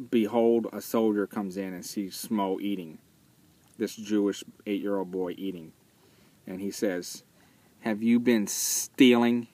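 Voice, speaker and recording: Earnest man retelling a film, lowish voice. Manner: earnest, conversational, hesitant with fillers and restarts. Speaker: vlogger reviewing a film. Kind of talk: casual spoken commentary.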